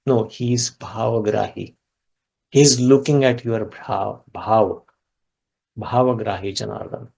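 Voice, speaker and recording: A man teaching a scripture class, retelling a devotional story and explaining Sanskrit words step by step, his voice jumping up in pitch at key moments. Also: measured pace, creaky, breathy edge. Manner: animated storyteller with sudden pitch rises. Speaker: spiritual teacher.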